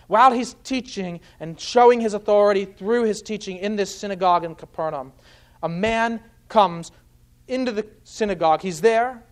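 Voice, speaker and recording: A man's voice: high-pitched, moderate pace. A man preaching an expository sermon, earnestly explaining scripture point by point. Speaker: pastor.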